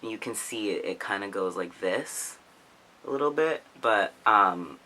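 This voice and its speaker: Vlogger, male, low register with a sharp bright edge, rambling filler-heavy casual talk. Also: lively intonation, a little slow. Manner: rambling, full of "like" and "um". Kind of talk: casual chat.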